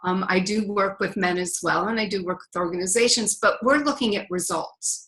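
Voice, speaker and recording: A woman's voice: medium pitch, brisk, low-quality recording. Reflective middle-aged woman coach. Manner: warm, reflective, with fillers. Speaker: guest, relationship coach. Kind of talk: podcast interview.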